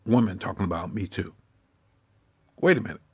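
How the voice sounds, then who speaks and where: A man's voice: low voice, fairly quick, husky. A man giving an impassioned, confrontational monologue, swearing heavily and lecturing his listeners. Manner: preachy, confrontational, heavy swearing.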